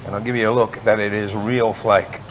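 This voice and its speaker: A man's voice: on the low side, level tone, a little fast. A man hosting a travel show, chatting and joking while he eats in a restaurant. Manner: jokey, chatty, talks while eating. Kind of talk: casual chat over a meal.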